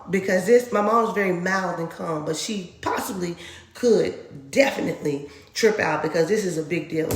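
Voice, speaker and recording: A woman from Dallas, telling a personal faith testimony in a lively way, acting out sounds and laughing often. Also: mid-range voice. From Dallas, Texas. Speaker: storyteller sharing a faith testimony. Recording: roomy echo.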